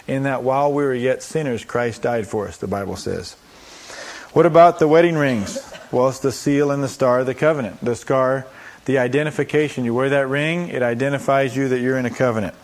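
Preaching in a mid-range voice, a pastor poses rhetorical questions and then answers them. Along the way he performs the voices of people he quotes and throws in funny asides.

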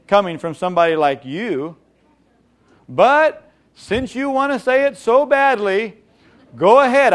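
A man playing a defensive, sarcastic grown man who mocks anyone who corrects him, loud and exasperated. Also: high-pitched, lightly acted.

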